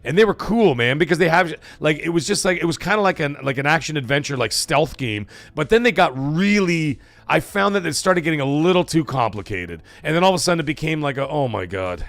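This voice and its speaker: A man's voice: a little high, expressive, fast, few pauses, a bit bright, dry recording, soft background music. A man hosting a casual live stream, rambling, swearing and saying "like" a lot. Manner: rambling, swears, heavy use of "like". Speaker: livestream host.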